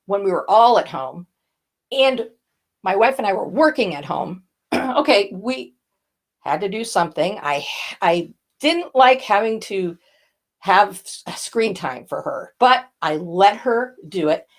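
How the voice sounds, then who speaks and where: A woman's voice: mid-range voice, animated, a little slow. An older woman, a voice coach, teaching a lesson and demonstrating vocal effects as she explains.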